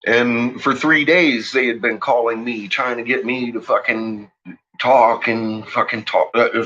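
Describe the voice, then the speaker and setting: A man's voice: medium pitch, fairly even intonation, measured pace, highs cut off. A man on a late-night monologue, ranting and swearing heavily as he tells his story. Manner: profane, ranting, shouts in retold quotes. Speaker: host.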